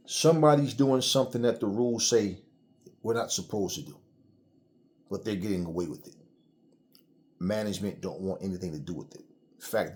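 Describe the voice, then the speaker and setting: Middle-aged male host, low-pitched, angry blunt rant with heavy cursing. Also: a little mellow. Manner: blunt, heated, swears freely. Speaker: channel host. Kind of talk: angry solo commentary.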